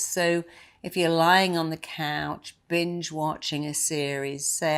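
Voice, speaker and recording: A low-pitched, middle-aged woman delivers a motivational talk. She speaks emphatically and drives her points home by repeating short phrases. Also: level tone, slow, fairly bright tone, clean tone. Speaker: therapist and speaker.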